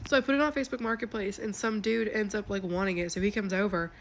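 A woman's voice: mid-range voice, steady tone, a little hiss or hum. A woman telling a casual, chatty story with frequent swearing and laughter. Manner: chatty and profane, quick to laugh.

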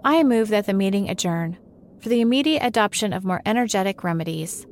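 A woman's voice: mid-range voice, animated, a little fast, slight background noise, close to an everyday voice. A woman voicing a solemn, long-winded male dodo in a storybook reading. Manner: solemn, wordy.

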